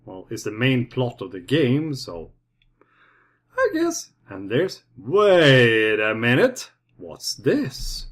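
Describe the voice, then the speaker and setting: A man's voice: medium pitch, wildly swooping pitch, slow, slightly rough. A man doing wry, amused commentary on a game and reading its text aloud. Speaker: let's play commentator.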